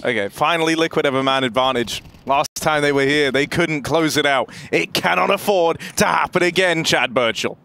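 Higher-voiced jokey esports caster. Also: male voice, normal speed, creaky, few pauses, sharp tone. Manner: jokey, playful wordplay. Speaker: esports commentator. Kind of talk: play-by-play commentary.

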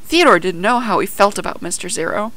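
A woman reading a children's storybook aloud with lively narration. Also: mid-range voice, a little fast, no echo, rough recording.

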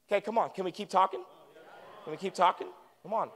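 A man preaching a sermon as a guest preacher in a church, animated and calling for responses from the congregation. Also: high-pitched, fast, pauses often. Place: church sanctuary. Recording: long reverb of a church hall.

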